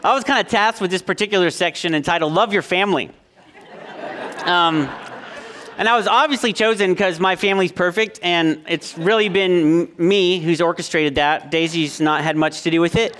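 Male youth leader, 30s, high voice; humorous sermon, self-deprecating, filler-heavy delivery. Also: moderate pace, a bit bright, a faint crowd. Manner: self-deprecating joking, full of ums and likes.

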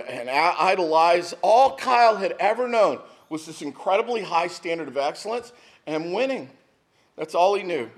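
A middle-aged man, preaching a sermon as a pastor in a conversational storytelling way. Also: high voice. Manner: conversational storytelling, asks the room "right?".

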